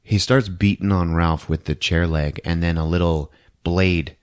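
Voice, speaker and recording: A man's voice: low-pitched, unhurried. A man hosting a podcast, casually retelling a movie plot with lots of laughter. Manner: animated, laughing, storytelling. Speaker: podcast host.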